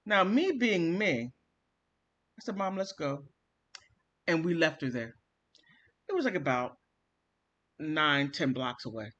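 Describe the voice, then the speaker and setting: A man vlogging, telling a family story in an animated, theatrical way and acting out the quotes. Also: on the high side, unhurried, pauses often, highs cut off. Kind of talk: casual storytelling monologue.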